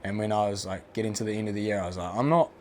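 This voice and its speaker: A man's voice: fairly low pitch, little pitch movement, very fast, darkish tone, slight background noise. A young man in his twenties with a New Zealand accent, a podcast guest telling stories in laid-back, swear-heavy slang. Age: 20s. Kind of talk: casual storytelling chat.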